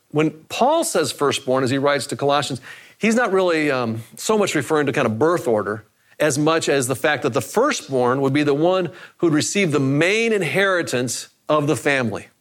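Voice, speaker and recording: A man's voice: fairly high pitch, a bit bright. A man preaching a sermon in a conversational way, often repeating phrases for emphasis. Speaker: pastor.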